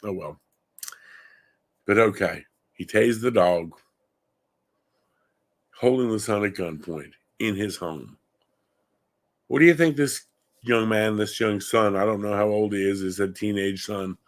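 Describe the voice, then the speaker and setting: On his gun-focused show, a middle-aged man from Long Island, New York, offers indignant, opinionated takes that climb toward heated emphasis. He talks in a lowish voice, unhurried and with long pauses.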